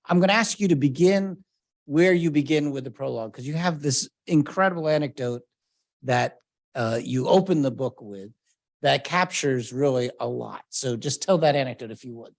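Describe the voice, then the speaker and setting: A man introducing a guest and asking him to tell an anecdote, in a relaxed, slightly hesitant way. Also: medium pitch, normal speed, gravelly. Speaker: interviewer. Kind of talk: moderated talk.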